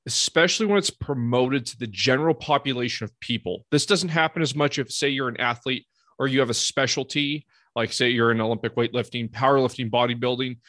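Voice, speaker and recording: A man hosting a podcast, explaining his views in a relaxed, conversational way. His pitch is ordinary, recorded close and dry. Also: a little fast, no echo. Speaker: podcast host. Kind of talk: casual podcast chat.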